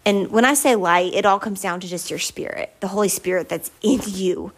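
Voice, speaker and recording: A woman hosting a faith-based podcast, speaking with earnest emotion and chatty warmth, building her points through emphatic repetition. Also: mid-range voice. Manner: casual and chatty, with fillers and quick laughs. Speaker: podcast host. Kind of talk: faith-based motivational monologue.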